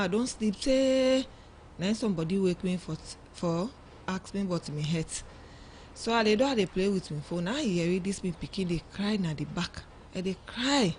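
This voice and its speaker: Sierra Leonean Krio-speaking mother, lively telling. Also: medium pitch, slight background noise. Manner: animated storytelling, acts out quoted dialogue. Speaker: mother of a young girl, guest. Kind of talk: emotional first-person account on radio. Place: radio studio.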